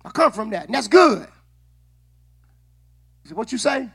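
High, bright-voiced preacher man. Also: sing-song, moderate pace, breathy edge. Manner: call-and-response preaching, shouting at peaks. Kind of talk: sermon.

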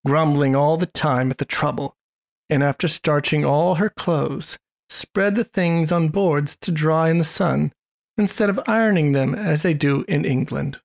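Gravelly-voiced storybook narrator. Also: mid-range voice. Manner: measured, expressive read-aloud. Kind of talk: storybook reading.

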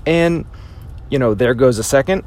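A man's voice: medium pitch, moderate pace, a little mellow. A man giving a motivational speech, emphatic and repetitive, acting out his inner voice now and then. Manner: emphatic, repeats phrases for impact, acts out inner voices. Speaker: motivational speaker.

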